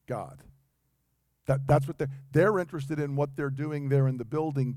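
A man's voice: a little high, darkish tone, no echo. A man preaching an earnest Bible-teaching sermon, asking rhetorical questions as he explains the text. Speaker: pastor.

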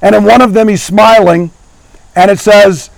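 A man's voice: sits high, fairly even intonation, moderate pace, gravelly, no room sound, low-quality recording. A middle-aged man preaching a sermon as pastor, earnestly asking his congregation questions as he teaches.

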